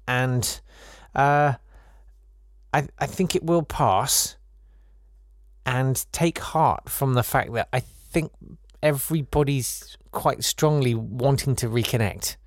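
A man hosting a podcast, chatting casually in a wry, rambling, gently self-mocking way as he reads out and answers listener messages. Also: mid-range voice, no room sound, studio quality. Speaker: podcast host.

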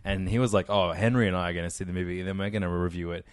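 A man's voice: low-pitched, fairly even intonation, rapid-fire, smooth, dry recording, studio quality. A young man co-hosting a late-night podcast, telling stories with hesitant fillers. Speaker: podcast co-host. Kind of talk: casual late-night chat.

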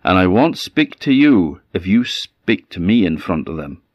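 A man's voice: sits low, very animated, unhurried, no echo, lo-fi sound, exaggerated voice. A man with a Scottish accent voicing a proud, stubborn talking male goat in a folk tale. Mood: haughty. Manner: stubborn, picky about whom he talks to.

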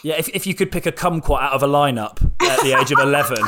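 A man's voice: mid-range voice, heavy background noise. A man co-hosting a podcast, joking in a casual chat. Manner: jokey, quick asides. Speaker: podcast co-host.

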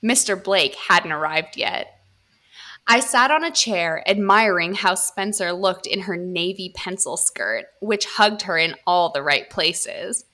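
A young woman reads a steamy story aloud for her podcast, her voice bright and crisp in tone. She is giggly and playful, ready to stop mid-line and laugh at the text. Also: fairly low pitch, lively intonation, unhurried.

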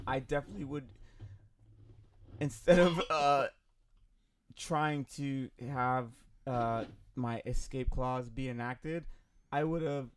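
A middle-aged man talking animatedly in a casual discussion, laughing often and swearing freely. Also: mid-range voice. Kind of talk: casual chat.

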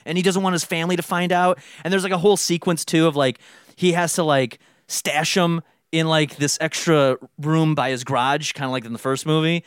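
Rambling young man, smooth dry voice. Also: a little high, a little fast, no echo. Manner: rambling storyteller, acts out quotes. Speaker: podcast co-host pitching a movie idea. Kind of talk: casual chat.

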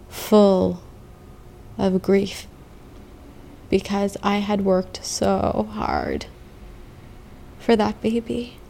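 A woman in her thirties, an interviewee telling her own story in slow, halting testimony with long pauses. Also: mid-range voice, gravelly, mellow. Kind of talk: personal testimony. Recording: faint music beneath.

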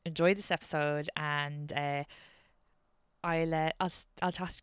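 A woman's voice: low-pitched, fairly even intonation, a little slow, smooth, dry recording, clean studio sound. A woman podcast host giving a rambling show intro, full of fillers and restarts.

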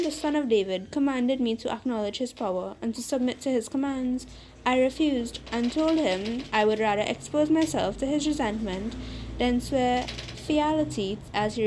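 A woman's voice: a little high, dark tone, a little hiss or hum, close to an everyday voice. A woman reading as a fierce vengeful genie. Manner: stern, archaic formal speech.

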